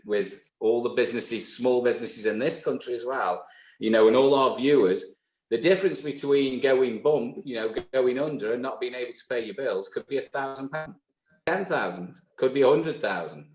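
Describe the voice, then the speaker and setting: A man's voice: mid-range voice, normal speed, a little mellow. A man co-hosting a live show, talking reflectively and often restarting his words. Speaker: co-host. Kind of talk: casual live show chat. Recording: echoey room.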